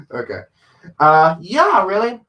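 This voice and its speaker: London guy rambling on his livestream, kinda high voice, lots of restarts, puts himself down a lot. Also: pushed and bright. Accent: London English. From London, England. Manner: rambling, self-deprecating, many restarts. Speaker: livestreamer answering chat. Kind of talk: casual live stream chat.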